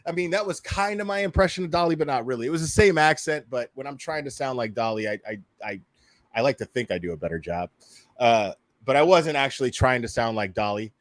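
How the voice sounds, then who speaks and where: Talking fast and expressively at a medium pitch, this YouTube commentary host reacts casually to content in a dry recording. Swearing comes easily to him, and he keeps laughing and stumbling over restarted sentences.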